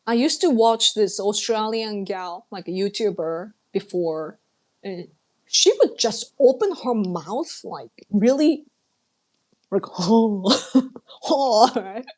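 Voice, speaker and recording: Slow-talking woman streamer. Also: mid-range voice, animated, darkish tone. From Japan. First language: Japanese. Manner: chatty, laughs often, clears throat a lot. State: dry throat. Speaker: livestreamer reading chat. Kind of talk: casual live-stream chat.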